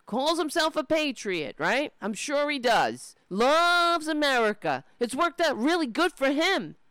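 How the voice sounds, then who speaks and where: A woman's voice: sits high, sing-song, a little slow, a bit bright, dry recording. A woman ranting in angry, profane, sarcastic commentary as she reacts to political clips.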